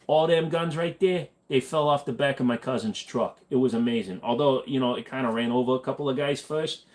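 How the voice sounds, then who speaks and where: A man's voice: mid-range voice, fairly quick, close to an everyday voice. A man putting on a New York accent and voicing a boastful, shady wise guy with street swagger. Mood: cocky. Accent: New York (put on).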